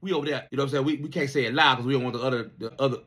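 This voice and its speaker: A man's voice: mid-range voice, rapid-fire, a bit bright. A man in his fifties, a Navy veteran, telling a story casually with a lot of profanity and repeated words. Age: 50s.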